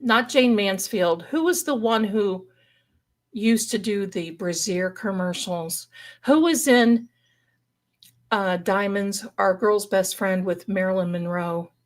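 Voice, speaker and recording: A woman's voice: mid-range voice, slow. A woman telling a story on a live stream in a dramatic, folksy way, calling her listeners darlings. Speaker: paranormal storyteller guest.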